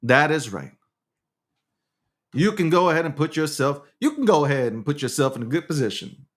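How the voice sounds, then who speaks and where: A high-voiced man hosting a live crypto show, rattling off hyped, repetitive showman patter. He circles back on the same phrases again and again and talks straight to his audience. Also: sing-song, moderate pace. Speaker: livestream host. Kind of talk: casual crypto livestream chat.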